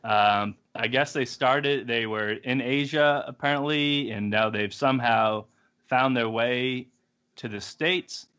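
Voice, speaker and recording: A man's voice: medium pitch, slow, pushed and bright, clear, resonant tone. A young man co-hosting a podcast, laid-back and casual, with lots of likes and ums. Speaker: podcast co-host. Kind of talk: casual chat. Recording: dull lo-fi podcast audio.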